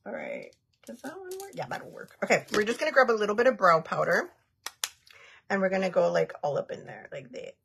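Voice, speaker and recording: A woman in her thirties with a gravelly, husky voice talks through a makeup tutorial on a livestream. She is chatty and blunt, answering viewer comments with frequent laughs. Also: medium pitch, huge pitch swings, brisk, fairly bright tone. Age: 30s. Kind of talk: casual livestream chat while doing makeup.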